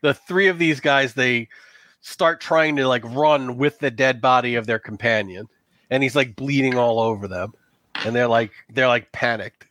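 A man's voice: mid-range voice, moderate pace, fairly bright tone, no echo. A man narrating as game master of a tabletop game in a loose, casual way with many fillers.

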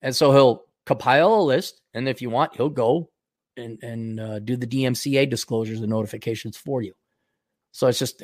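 A man's voice: mid-range voice, gravelly, no echo, studio quality. A man hosting his own talk show, ranting sarcastically and profanely, rambling with frequent restarts. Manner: sarcastic, profane, mocking voices. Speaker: podcast host.

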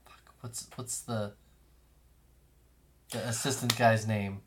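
A man's voice: lowish voice, little pitch movement, a bit bright. A man co-hosting a podcast, chatting loosely and swearing while recapping episodes. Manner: loose, profane, quick retelling of scenes. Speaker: podcast co-host. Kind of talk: casual podcast chat.

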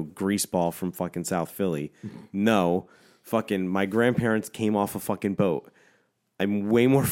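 A man telling a story in casual talk, ranting and swearing constantly with lots of "like" fillers. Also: low-pitched. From Philadelphia area. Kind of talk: casual profane storytelling rant.

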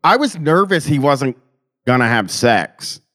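A man co-hosting a podcast in casual chat, halting as he speaks and quick to laugh. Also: mid-range voice, very animated, fairly bright tone. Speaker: podcast co-host.

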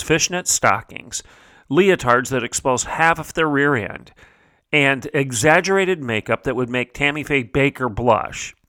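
A man's voice: mid-range voice, bright, forceful tone, no room sound, clean studio sound. A male host delivering an emphatic, indignant opinion monologue on his show. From United States. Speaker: podcast host.

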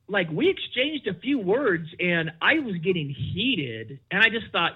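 High-voiced middle-aged man telling a personal story. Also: measured pace, husky, narrow, tinny audio. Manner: animated, acts out quoted exchanges with big pitch jumps. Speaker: podcast guest. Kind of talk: candid storytelling in conversation.

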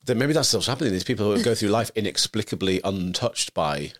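Animated man storytelling. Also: lowish voice, fast. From York, England. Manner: animated, storytelling, puts on voices. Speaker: podcast co-host. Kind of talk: casual chat.

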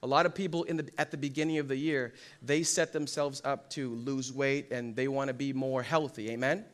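A man's voice: medium pitch, fairly quick, clear, resonant tone. A young man preaching a sermon in church, telling funny stories with lots of energy and acting out the quotes. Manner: animated storytelling, acts out quotes and jokes. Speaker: pastor. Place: church hall.

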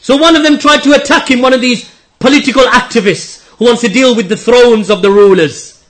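A man's voice: very high voice, a little fast, a bit bright. A man preaching an impassioned religious sermon, often acting out the words of others in a mocking way. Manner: impassioned, quotes opponents mockingly. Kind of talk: Islamic sermon.

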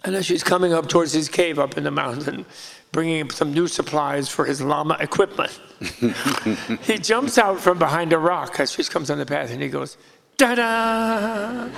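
Gravelly man telling a story with laughs. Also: on the high side, background noise. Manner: lively, amused, laughing between lines. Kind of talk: casual spoken storytelling. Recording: long hall reverb.

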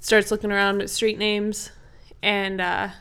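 A woman's voice: mid-range voice, flat delivery, unhurried, bright, forceful tone, clear, resonant tone. A woman hosting a podcast, telling an improvised bedtime story in an easygoing way with many fillers. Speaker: podcast host.

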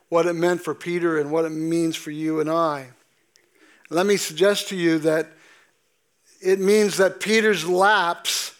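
Speaking from the pulpit of a church sanctuary, a pastor delivers his sermon at a measured, deliberate pace and lingers emphatically on the scripture he quotes. His voice runs high for a man and is a bit bright.

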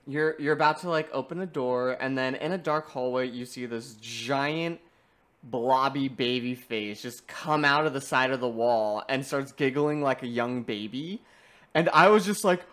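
Animated young man, laughing gamer chat. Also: medium pitch. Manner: animated, laughs often, quick bursts. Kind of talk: casual chat about video games.

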